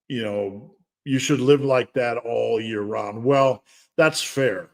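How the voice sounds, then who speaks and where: A middle-aged man hosting a casual fitness livestream Q&A, chatty and rambling, with asides and laughs. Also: medium pitch. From United States. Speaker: fitness coach and livestream host.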